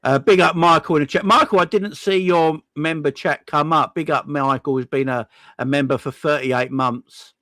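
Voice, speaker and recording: Excitable man hosting a livestream. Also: fairly high pitch, moderate pace, no room sound. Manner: excitable, effusive, slangy thanks. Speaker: livestream host. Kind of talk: casual livestream chat, shouting out viewers.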